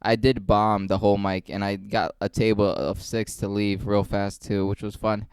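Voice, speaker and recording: A man's voice: on the low side, level tone, moderate pace, darkish tone, smooth, dry recording. A young man, a stand-up comedian, rambling through a casual vlog with lots of swearing and self-mockery. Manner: rambling, profane, self-mocking.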